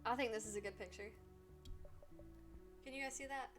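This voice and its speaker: A woman's voice: a little high, fairly quick, music in the background. A woman streamer chatting casually while playing a game, rambling and gushing with casual swearing. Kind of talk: casual let's-play chat.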